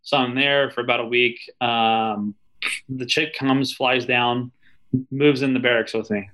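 A man's voice: mid-range voice, steady tone, measured pace, pushed and bright, poor audio. A man, an army veteran, telling stories in a loose, casual interview, swearing freely and full of fillers and asides.

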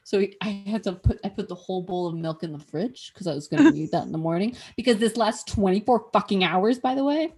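Husky woman telling a story, animated. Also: mid-range voice, fairly quick, hardly any pauses. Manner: animated, swears freely, acts out her own past remarks. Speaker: podcast host. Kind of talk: casual storytelling chat.

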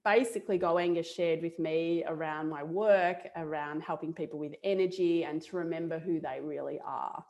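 A woman's voice: deep voice, moderate pace, few pauses, highs cut off. A middle-aged Australian woman, a guest on an interview show, telling a personal story in a casual way. She laughs often and acts out what she was thinking at the time. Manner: animated, laughs often, acts out her own past thoughts.

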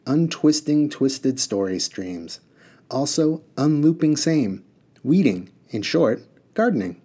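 A man voicing a curt, soft-spoken male plant creature in a storybook reading, speaking in short clipped phrases. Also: medium pitch, sing-song, slow pace, breathy edge, voice pushed up, full character voice.

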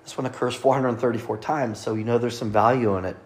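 A man's voice: medium pitch, fairly even intonation, quick pace. A man preaching a sermon, explaining scripture and the names of God with light asides to his listeners. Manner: teaching, reading scripture aloud, light asides.

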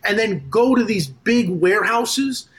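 A man with a high voice for a man tells business stories in a casual podcast interview. He rambles, restarts his sentences and acts out what other people said. He talks as a funder recounting his deals. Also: unhurried. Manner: animated storyteller who acts out quoted conversations.

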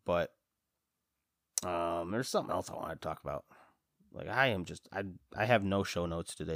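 A man in his thirties chatting on his own show, with a lowish voice and a slightly congested chest. He rambles, laughs at himself and leaps into animated reactions when he quotes himself. The sound is dry and close to the mic. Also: moderate pace, pauses often, dry recording. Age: 30s. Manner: rambling, self-deprecating, lively quoted reactions. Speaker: podcast host. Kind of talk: casual chat.

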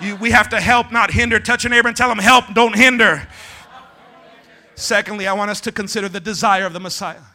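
A male pastor in a church delivering call-and-response preaching with a high, piercing, bright voice. He swings between shouted calls to the congregation and hushed, low passages. He drops Spanish words into his talk. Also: fairly even intonation, fast, hardly any pauses. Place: church sanctuary.

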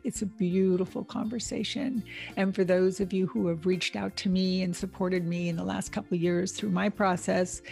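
A woman's voice: lowish voice, gravelly, a little mellow. A woman vlogger talking earnestly and emotionally to her viewers about compassion, getting teary as she speaks. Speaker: vlogger host. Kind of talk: heartfelt personal talk to camera.

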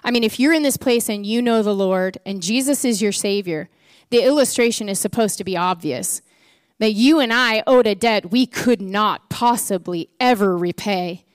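A woman preaching a sermon, telling a parable with playful, animated rhetorical questions. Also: mid-range voice, normal speed, clear, resonant tone, no echo, clean studio sound. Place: church.

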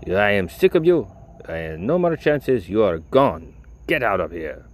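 A man putting on the voice of a loud, bossy male restaurant manager who barks orders in broken English with a thick accent. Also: lowish voice, moderate pace, natural voice. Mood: furious.

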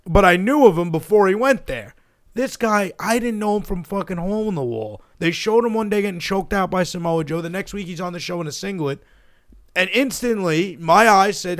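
Brash, profane male podcast host, slightly high voice, emphatic. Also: expressive, moderate pace. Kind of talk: casual chat.

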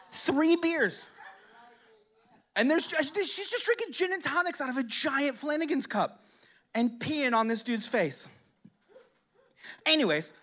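A man spins a crude, rambling anecdote for a crowd, his pitch swinging up and down with lively energy. He keeps checking in with his listeners and chuckles between lines, loose and profane throughout. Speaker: storyteller. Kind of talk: casual profane storytelling to a live audience.

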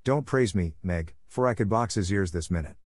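A man's voice: low-pitched, expressive, moderate pace, a little mellow, dry recording, studio quality. A man voicing a hot-tempered tomboyish teenage girl who speaks sharply and indignantly, in a storybook reading. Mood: fuming.

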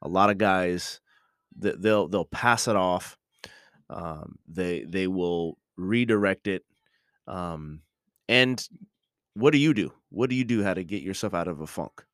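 A middle-aged man with a very low voice muses aloud on his podcast, stopping and restarting his sentences often. He is recorded close and dry, with no room sound behind him. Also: fairly bright tone, no echo. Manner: halting, many restarts and ums, reflective. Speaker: podcast host. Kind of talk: casual reflective monologue.

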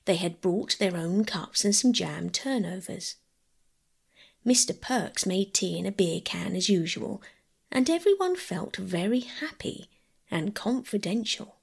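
Woman, gravelly voice, husky, bedtime audiobook narration. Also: medium pitch, lively intonation, measured pace. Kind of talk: scripted bedtime story narration.

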